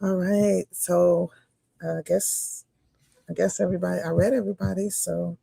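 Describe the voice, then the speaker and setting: A woman's voice: on the low side, steady tone, moderate pace, gravelly, mellow, husky, no echo. A woman co-hosting a religious livestream, reading viewer comments aloud and often laughing.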